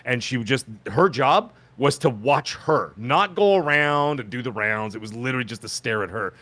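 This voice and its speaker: A man hosting a podcast, telling a long personal story in casual chat and acting out the people he quotes. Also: moderate pace. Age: adult with children. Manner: animated, acts out quoted voices with pitch jumps. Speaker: podcast host.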